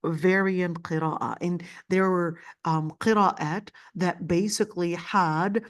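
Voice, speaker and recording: A woman teaching a Quran commentary lesson, explaining slowly and often repeating words with fillers. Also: fairly low pitch, fairly even intonation. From Palestinian family. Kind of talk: classroom lecture.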